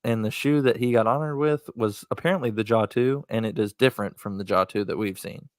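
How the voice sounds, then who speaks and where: A man's voice: fairly low pitch, fairly quick, no echo. A man co-hosting a casual sneaker podcast, laid-back and teasing as he runs the rundown. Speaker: podcast co-host.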